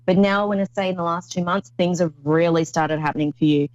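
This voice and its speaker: A woman's voice: on the low side, fairly even intonation, fast, no room sound, highs cut off. A woman hosting a call-in psychic reading show, talking in an effusive, rambling way with many restarts. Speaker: psychic medium host.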